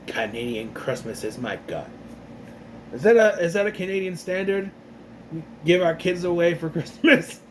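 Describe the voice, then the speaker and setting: A man with a fairly high, very lively voice retells a TV episode in loose, rambling talk, often starting over mid-sentence. A faint hiss of noise sits under the voice. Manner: rambling, restarts a lot, acts out lines in quick voices. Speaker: youtuber recapping an episode. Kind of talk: casual spoken recap.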